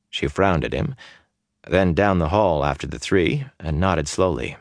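A man narrating a fantasy audiobook in a measured, steady manner. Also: low voice, creaky, dry recording, clean studio sound.

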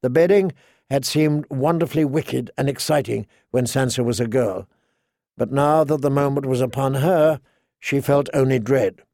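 A man narrating a fantasy novel in an audiobook with measured, even storytelling. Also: mid-range voice, no echo, studio quality.

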